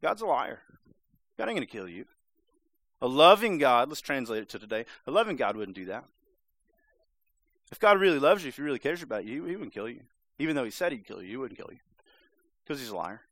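A man's voice: mid-range voice, sing-song, fairly quick, long pauses, a bit bright, dry recording. A man preaching a sermon in a conversational, emphatic way, sometimes acting out voices. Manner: conversational, emphatic, acts out the serpent's lines.

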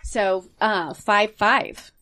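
A woman's voice: mid-range voice, fairly even intonation, extremely slow, no room sound. Chatty woman in her forties, dry mic. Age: 40s. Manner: chatty, laughs often, trails off softly. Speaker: guest. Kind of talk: casual chat.

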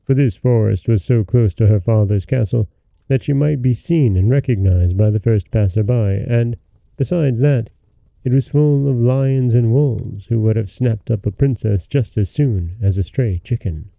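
A man hosting and narrating a folktale in a slow, measured storybook reading. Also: medium pitch, vocal fry, dark tone, no room sound. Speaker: host and narrator.

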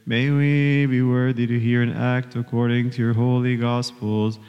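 Priest, man, solemn liturgical prayer, monotone, very clear voice, long church reverb. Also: medium pitch, moderate pace, lo-fi sound. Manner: solemn, steady intoning. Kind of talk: liturgical prayer, recited and chanted.

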